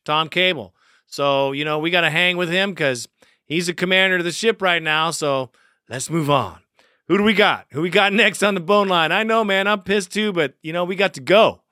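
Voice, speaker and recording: A man hosting a sports fan podcast, talking in a fired-up, rough way, cursing and laughing often. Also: on the high side, sharp tone, no echo, clean studio sound. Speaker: podcast host. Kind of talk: casual fan podcast talk.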